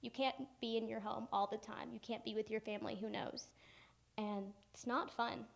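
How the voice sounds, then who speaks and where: A woman's voice: a little high, normal speed, gravelly. A young woman giving a keynote speech, telling a personal story with humor and acting out the people in it. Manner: animated and humorous, acting out family members. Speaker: keynote speaker. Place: conference hall.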